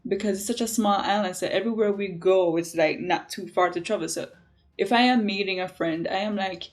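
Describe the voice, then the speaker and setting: A Jamaican woman, originally from Jamaica, chatting casually to her viewers as a beauty vlogger, telling stories in an animated, emphatic way and saying "like" often. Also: mid-range voice, fairly quick.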